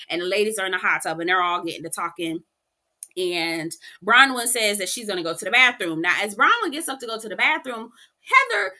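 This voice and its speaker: A woman's voice: a little high, pushed and bright. A young woman giving a casual, profane, slangy recap of a reality show episode. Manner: sassy, profane, slangy storytelling. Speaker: TV recap reviewer.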